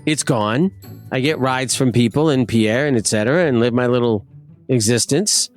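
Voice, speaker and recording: A man's voice: mid-range voice, normal speed, soft background music. A man telling a personal story in a casual, self-mocking way, laughing as he goes. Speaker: guest storyteller.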